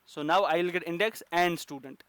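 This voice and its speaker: A man's voice: a little high, normal speed, a bit bright, clean tone, dry recording. A man teaching a coding lesson, explaining step by step with frequent fillers and restarts. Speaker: programming instructor.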